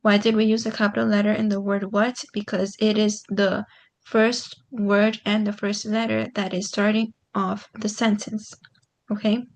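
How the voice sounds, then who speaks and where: A woman's voice: mid-range voice, level tone, moderate pace. A woman teaching a grammar lesson online, explaining step by step in a patient way with frequent "um"s.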